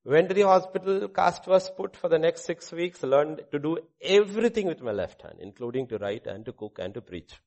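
Gravelly preacher man, loud then hushed. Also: on the high side, expressive, normal speed, hardly any pauses. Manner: dramatic swings between loud proclamation and hushed asides. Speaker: pastor. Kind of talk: sermon with personal testimony.

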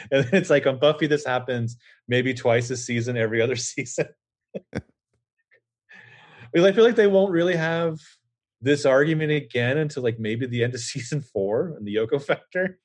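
A man co-hosting a casual podcast chat, animated and joking, with frequent swearing. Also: mid-range voice, normal speed. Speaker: podcast co-host.

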